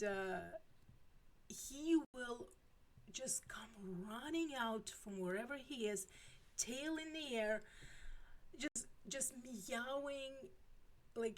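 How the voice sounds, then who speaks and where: A woman's voice: a little high, slow pace, pauses often, a bit bright. A woman in her forties chatting casually with her viewers, rambling with many fillers and restarts. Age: 40s. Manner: rambling, lots of filler words and self-interruptions. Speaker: streamer.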